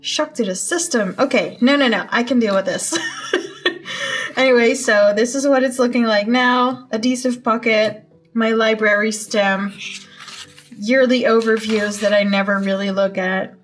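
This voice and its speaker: Chatty young woman, casual planner vlog, thinks aloud, soft music behind. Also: mid-range voice. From Netherlands. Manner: chatty, self-talking, playful exclamations. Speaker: vlogger.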